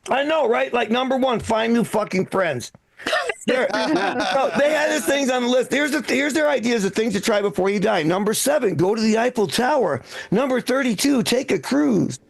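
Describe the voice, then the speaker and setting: A man's voice: extremely high pitch, lively intonation, moderate pace, creaky. A man doing stand-up and emceeing a comedy show, crude and swearing casually.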